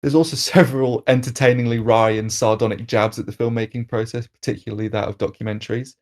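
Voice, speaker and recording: A man hosting a film review podcast, reading an analytical critique in a measured way with occasional restarts. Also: medium pitch, fairly even intonation, darkish tone.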